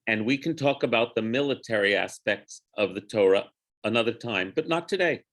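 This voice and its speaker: A rabbi runs a relaxed Torah study class, his male voice on the low side, expressive and a little bright. He moves digressively through the text, slowly chanting Hebrew phrases and halting to correct himself.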